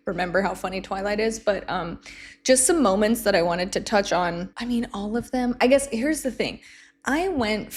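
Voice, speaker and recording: A young woman chatting casually to camera, rambling and self-deprecating, often breaking into laughter. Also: mid-range voice. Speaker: vlogger.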